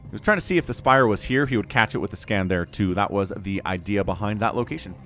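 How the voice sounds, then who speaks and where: A man's voice: lowish voice, fast talker, a bit bright, faint music behind. A man giving casual solo commentary on a strategy game match, chatty and speaking to his viewers. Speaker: StarCraft shoutcaster.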